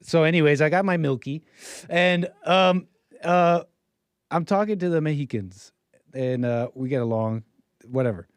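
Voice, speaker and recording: A man's voice: fairly high pitch, normal speed, smooth, no echo, studio quality. A young man hosting a livestream, telling a casual, rambling story in a wry way and slipping into voices when he quotes people. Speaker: livestream host.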